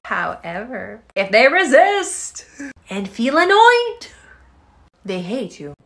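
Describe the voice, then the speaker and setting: Woman, slow and lively, higher voice, confiding dating-tip clip. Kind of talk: short advice clip.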